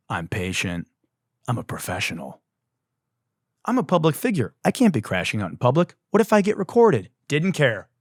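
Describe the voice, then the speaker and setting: Profane, animated man ranting. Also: fairly low pitch, dry recording, studio quality. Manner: profane, exasperated, animated ranting with shouted outbursts. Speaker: podcast host. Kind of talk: comedic storytelling rant.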